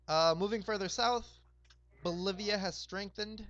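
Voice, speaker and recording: A hoarse young man hosting a roleplay game, casually recapping the map in a rambling, laid-back way with lots of fillers. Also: sits high, a little slow, fairly bright tone, muffled recording. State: hoarse, sore throat.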